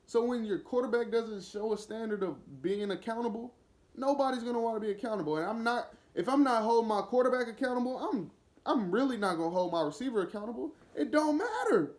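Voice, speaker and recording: High-voiced man ranting about football. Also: fairly quick. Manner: animated, opinionated, talks straight at the listener; slips into acting out a player's voice. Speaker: podcast host. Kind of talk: solo sports commentary rant.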